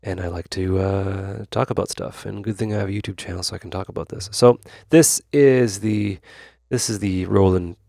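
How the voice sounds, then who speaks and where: A man with a low, gravelly voice talks through a synth demo in a relaxed, wandering tutorial style, piling on fillers and asides as he goes. The sound is dry and close, with no room around it. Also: normal speed, few pauses, no echo. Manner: rambling, loose, full of fillers and asides. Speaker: YouTube host.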